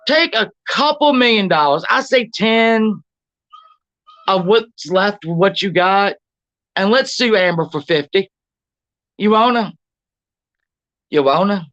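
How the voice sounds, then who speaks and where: A woman's voice: mid-range voice, animated, measured pace, fairly bright tone. A woman hosting a livestream, ranting bluntly with lots of swearing and greeting viewers in the chat. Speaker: livestream host. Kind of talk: casual livestream commentary. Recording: dull lo-fi stream audio.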